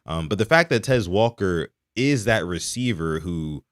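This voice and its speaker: A young man from Maryland hosting a live sports podcast, reading out donations and chatting with a lively, animated delivery. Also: low-pitched, measured pace, no room sound, clean studio sound. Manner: animated, reads donations aloud. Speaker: podcast host. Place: home in Texas.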